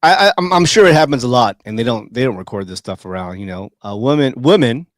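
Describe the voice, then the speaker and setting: Halting man podcast host. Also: medium pitch, animated, no room sound, clean studio sound. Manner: halting, filler-heavy, repeats words. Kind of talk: casual chat.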